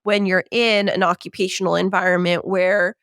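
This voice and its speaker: A woman co-hosts a casual podcast conversation, asking searching, thoughtful questions and laughing often. Her fairly low voice shows little pitch movement, with a fairly bright, clean tone at a moderate pace. The studio-quality recording has no echo.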